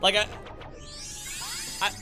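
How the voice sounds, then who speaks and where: A man streaming a speedrun, chatting casually, joking around and swearing at himself. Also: slow pace. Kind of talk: casual livestream commentary. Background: music playing.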